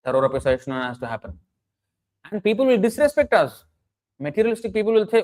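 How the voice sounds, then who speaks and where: A man's voice: high-pitched, big pitch swings, fast, pauses often, darkish tone, rough recording. Earnest man preaching. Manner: emphatic, earnest, with frequent restarts and chanted Sanskrit verses. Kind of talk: sermon lecture.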